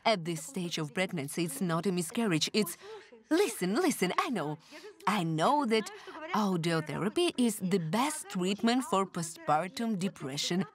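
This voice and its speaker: A woman's voice: on the low side, expressive, measured pace, hardly any pauses. A woman dubbing a meddling, chatty middle-aged mother-in-law in a TV drama who talks over others. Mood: fussing. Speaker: dub actor. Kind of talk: dubbed TV drama.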